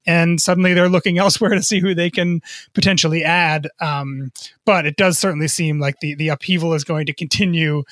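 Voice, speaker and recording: A man co-hosting a podcast, explaining the news in a measured, casual way with some restarts. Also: a little high, a bit bright, no echo, studio quality. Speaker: podcast co-host, business journalist.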